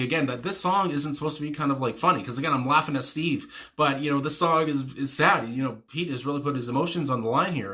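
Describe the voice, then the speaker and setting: A man's voice: mid-range voice, sharp tone. A man giving casual, rambling reaction commentary as host, enthusiastic and full of fillers and the odd swear word. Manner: enthusiastic, fond.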